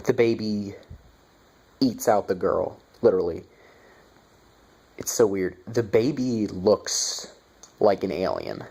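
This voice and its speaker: A man's voice: fairly low pitch, big pitch swings, takes it slowly, gravelly, long pauses, warm tone, breathy edge. A young man giving a casual movie review, sarcastic and profane, with mocking asides.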